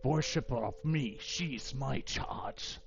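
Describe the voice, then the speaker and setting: A man's voice: mid-range voice, slow, creaky. A man voicing a jealous deity who claims a worshipper, commanding and dismissive, on a dull lo-fi mic. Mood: possessive.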